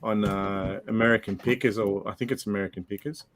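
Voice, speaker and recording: A man chatting in a relaxed, bantering way with friends on a livestream. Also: on the low side, brisk, a little hiss or hum. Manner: easygoing, bantering. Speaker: livestream guest. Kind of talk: casual chat among friends.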